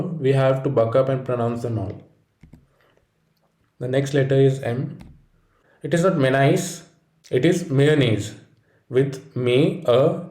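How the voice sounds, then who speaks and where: A man giving a scripted pronunciation lesson in a measured, explanatory way. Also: medium pitch, warm tone, roomy sound. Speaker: pronunciation teacher. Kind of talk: scripted instructional narration.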